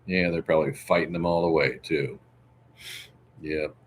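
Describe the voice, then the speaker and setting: A man's voice: extremely low pitch, steady tone, normal speed, slight background noise. A man hosting a casual livestream, rambling through chat questions and answering them one by one. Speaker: livestream host.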